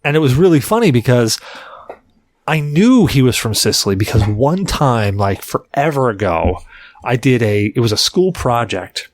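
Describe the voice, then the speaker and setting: A man's voice: medium pitch, moderate pace. A man co-hosting a podcast, telling a rambling anecdote in casual chat and filling his sentences with "like". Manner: rambling, heavy use of "like"; animated anecdote teller. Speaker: podcast co-host.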